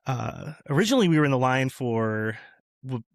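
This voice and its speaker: A man's voice: mid-range voice, very animated, moderate pace, dry recording. Chatty rambling man, dry sound. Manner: rambling storyteller, frequent fillers and restarts, laughs often. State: new father. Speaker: podcast guest. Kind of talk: casual podcast chat.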